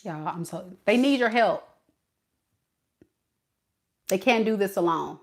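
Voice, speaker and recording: A woman's voice: mid-range voice, animated, takes it slowly. A woman giving a casual tarot reading, chatting animatedly and talking straight to her viewers. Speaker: tarot reader.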